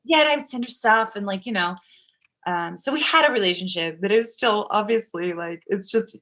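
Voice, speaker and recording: A woman from Kansas, a guest on a talk show, telling a personal story in a lively, chatty way and acting out what others said. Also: mid-range voice, a little fast. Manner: animated, acts out quotes. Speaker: actress guest. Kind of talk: casual storytelling.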